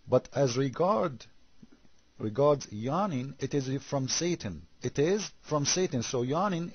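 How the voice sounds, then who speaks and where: A man's voice: medium pitch, husky, dry recording, lo-fi sound. A man whose first language is Arabic, giving sarcastic critical commentary on scripture and firing off rhetorical questions. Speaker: religious debater.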